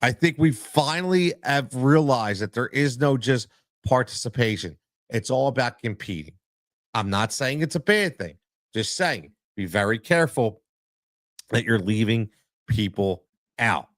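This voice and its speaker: Brief: male podcast host, coach, emphatic and repetitive, middle pitch, dead-dry close mic. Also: lively intonation, measured pace, no room sound. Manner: emphatic, repeats points for stress. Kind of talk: solo podcast commentary.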